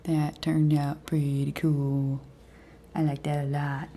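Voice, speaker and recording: Slow, mellow woman muttering as she works. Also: low-pitched, husky. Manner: mutters and half-whispers to herself while working; excitable, eager. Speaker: nail art channel host. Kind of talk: casual tutorial commentary.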